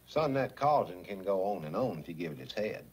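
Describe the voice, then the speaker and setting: An actor playing a patient, dry-humored father in a classic sitcom, speaking calmly and firmly to his young son. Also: low voice, husky, exaggerated voice. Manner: calm, unhurried, gently firm. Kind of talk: old sitcom acting.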